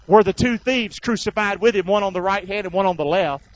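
A man's voice: high voice, brisk, hardly any pauses, no room sound. A male preacher, delivering a sermon in call-and-response style and acting out the crowd and soldiers. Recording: dull lo-fi sound.

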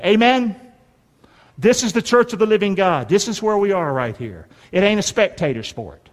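A man preaching a folksy, emphatic sermon in a church and calling on the congregation to answer back. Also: sits high. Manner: folksy and emphatic, calls for response. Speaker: pastor. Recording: long reverb of a large hall.

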